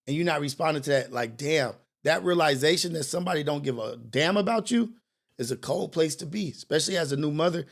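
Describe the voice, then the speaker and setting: A young man hosts a morning show, his voice sitting a little high for a man. He talks in a loose, animated, sermon-like way, packed with slang and blunt cursing, and often slips into confessing his own past in this casual commentary monologue.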